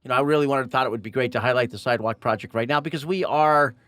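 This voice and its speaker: A man's voice: mid-range voice, very fast, fairly bright tone, no echo, studio quality. A man hosting a podcast, talking casually and rambling with many fillers. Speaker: podcast host.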